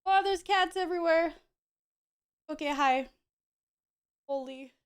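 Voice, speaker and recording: A woman's voice: extremely high pitch, takes it slowly. A woman streamer chatting casually with her audience, bubbly and apologetic with frequent giggles. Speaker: live streamer.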